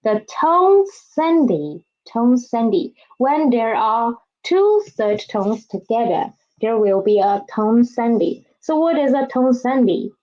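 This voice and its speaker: Slow, lilting woman teaching vocabulary. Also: a little high, sing-song, warm tone. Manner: repeats each word twice, drawn-out careful pronunciation. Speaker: Chinese language teacher. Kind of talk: slow classroom instruction with read-after-me drills. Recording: dull lo-fi recording.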